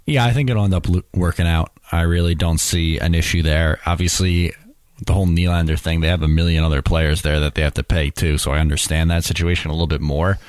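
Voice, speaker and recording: A man's voice: deep voice, steady tone, fast talker, darkish tone, dry recording. A man in casual sports chat, agreeable and giving short replies.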